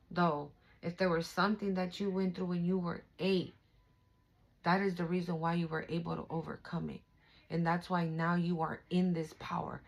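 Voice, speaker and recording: A woman's voice: on the low side, a little hiss or hum, poor audio. A young woman giving a casual spiritual tarot reading, emphatic, emotional and profane, talking straight to her viewers. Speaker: tarot reader.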